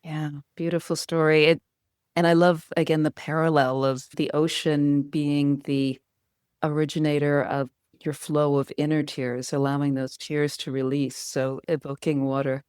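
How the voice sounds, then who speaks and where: A woman's voice: sits low, level tone, normal speed, darkish tone, smooth, no echo, clean studio sound. A woman hosting a podcast interview, affirming her guest and asking reflective questions. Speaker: podcast host. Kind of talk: interview conversation.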